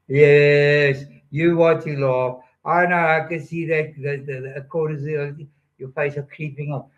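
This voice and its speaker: A man's voice: on the high side, measured pace, highs cut off. An older man telling rambling stories in a playful monologue, joking and drifting from one topic to the next. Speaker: storyteller.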